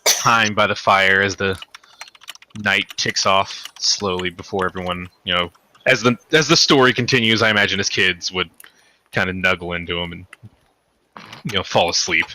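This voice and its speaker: Man, game master, tabletop game narration, rambling, full of fillers, bright edgy voice, fairly low pitch. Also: fairly even intonation, moderate pace, slight background noise. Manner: rambling, hedging, many fillers.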